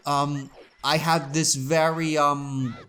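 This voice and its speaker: A young man co-hosting a let's play, chatting casually in a rambling, halting way. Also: a little high, level tone, fairly bright tone. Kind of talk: casual gameplay chat.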